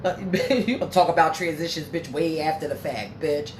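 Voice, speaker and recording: A woman's voice: low voice, normal speed, darkish tone. A woman hosting a casual livestream, reading viewer comments and talking bluntly and profanely with heated emphasis. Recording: echoey room with faint background noise.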